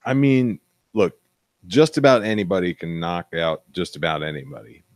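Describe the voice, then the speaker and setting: A man's voice: low voice, moderate pace, no room sound. A man co-hosting a casual podcast, chiming in with wry, offhand remarks. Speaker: podcast co-host. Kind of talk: casual chat over drinks.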